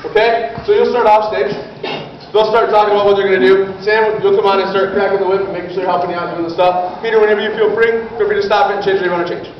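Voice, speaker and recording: A man's voice: sits high, fairly even intonation, quick pace, slight background noise. A man explaining an improv scene setup to performers in a casual, instructive way, often checking in. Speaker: improv show organizer. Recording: echoey distant lo-fi room.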